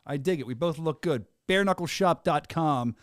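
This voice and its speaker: A man's voice: fairly high pitch, moderate pace, no room sound, clean studio sound. A male podcast host and event announcer, chatting energetically in a rambling hype-man way as he interviews a guest. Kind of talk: casual interview chat.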